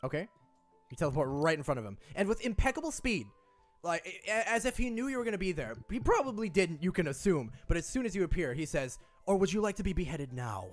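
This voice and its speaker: A young man narrates as game master, with a slightly high voice. He stammers and restarts often as he describes the scene. Faint music runs behind him. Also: very animated, fast talker.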